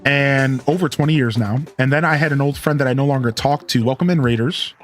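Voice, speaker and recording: Man in his thirties, streamer, casual rambling chat, average pitch, faint game music underneath. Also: brisk. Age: 30s. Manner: candid, rambling storytelling with frequent restarts. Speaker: live streamer and show host.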